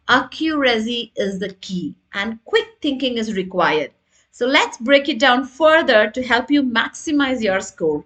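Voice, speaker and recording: A woman's voice: a little high, fairly bright tone. Woman teaching an exam prep lesson. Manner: explanatory, checks in with "right?" and "got it?". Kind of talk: online lesson.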